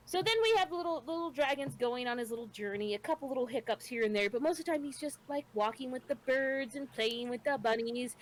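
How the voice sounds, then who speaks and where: A woman's voice: high-pitched, fast, few pauses. A woman with children, co-hosting a podcast, chatting casually as she retells an anime episode, laughing often and tripping over names. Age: adult with children. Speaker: podcast co-host.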